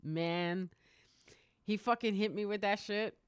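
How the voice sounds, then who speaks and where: A woman's voice: mid-range voice, steady tone, takes it slowly, clean tone, dry recording, studio quality. A woman in her thirties, hosting a podcast, tells a story casually, laughing often, swearing freely and acting out other people's lines. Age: 30s. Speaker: podcast host. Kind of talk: casual anecdote telling.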